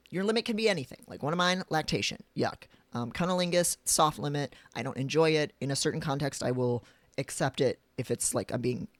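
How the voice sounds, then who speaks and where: A man's voice: a little high, fairly bright tone, dry recording. A man reading from his own book on a livestream, speaking frankly and going off on chatty personal tangents. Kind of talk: reading aloud with casual asides on a livestream. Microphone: desk mic for a live stream.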